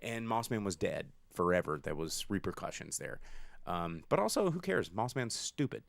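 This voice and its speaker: A man co-hosting a casual movie-review podcast, rambling and animated, acting out lines in silly voices. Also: on the low side, normal speed, creaky, no echo. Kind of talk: casual chat. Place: studio.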